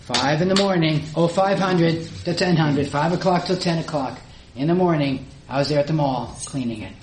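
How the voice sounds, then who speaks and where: A middle-aged woman gives a church testimony as an animated storyteller, acting out her own past conversations. Her voice rings with a roomy echo over a faint hiss of background noise. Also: deep voice, moderate pace. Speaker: church speaker giving a testimony. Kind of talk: personal testimony.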